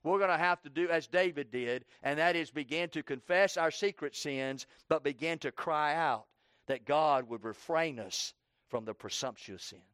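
A man preaching a sermon and praying aloud in church, moving from quiet pleading to loud impassioned cries and repeating phrases for emphasis. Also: a little high, moderate pace, smooth, dry recording, clean studio sound. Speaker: pastor. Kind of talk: sermon with spoken prayer. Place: church service.

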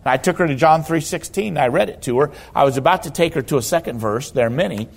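A man's voice: fairly high pitch, lively intonation, fast talker, creaky. A man preaching a sermon as a pastor, telling stories and hammering key words through repetition. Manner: emphatic storytelling preacher, repeats key words for stress.

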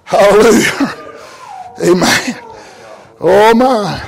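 A man preaching a fervent sermon, often shouting, with frequent amens and laughs. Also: high voice, slow, vocal fry.

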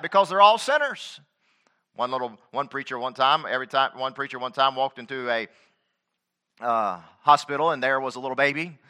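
A male pastor preaching with a bright, forceful tone and a voice that sits a little high. He drives his points home with pointed rhetorical questions and acts out the quoted voices of his listeners. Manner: animated preaching with rising emphatic questions and acted-out quotes. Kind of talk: sermon. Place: church.

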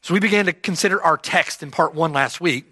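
A man's voice: fairly high pitch, a little fast, sharp tone, no echo. A man preaching an expository sermon, emphatic and repeating key phrases for stress. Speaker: pastor.

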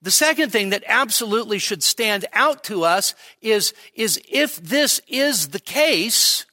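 A male pastor teaching an expository sermon at a midweek church service, conversational and emphatic, checking in with "okay?" and slowing down to stress key phrases. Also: sits high, animated, pushed and bright.

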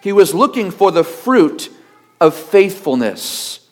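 A male pastor preaching a sermon with emphatic delivery, rhetorical questions and steady repetition. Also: high-pitched, slow pace, soft background music.

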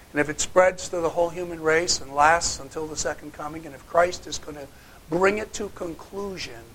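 A man preaching a sermon in a fairly high voice, hammering his hearers with pointed rhetorical questions. He builds to loud, forceful challenges, then drops low and quiet, with a faint hiss behind him. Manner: emphatic, with sharp rhetorical questions. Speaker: pastor.

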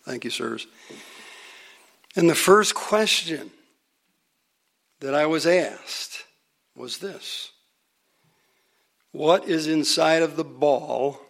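Male preacher, mid-pitched and gravelly, telling a story in a sermon with dramatic pauses. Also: a bit bright. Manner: dramatic pauses, drops to a near whisper.

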